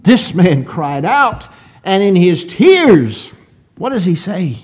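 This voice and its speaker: A man delivers a sermon at an unhurried pace, his voice sitting a little high for a man. He reads scripture in old-fashioned wording, then swings between hushed, low asides and emphatic peaks. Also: big pitch swings, slightly rough. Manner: slow, deliberate preaching with rhetorical questions and swells of emphasis. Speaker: preacher.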